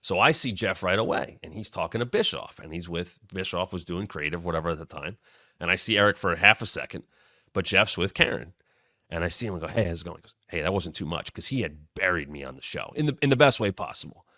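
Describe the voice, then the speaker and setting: A man in his thirties tells stories in a low, forceful voice recorded dry and close. He rambles and restarts, then punches up quoted lines with sudden loud bursts. The tone is animated and casual. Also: fast talker, no echo. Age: 30s. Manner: rambling, with frequent restarts and asides. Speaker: show host. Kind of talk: casual storytelling.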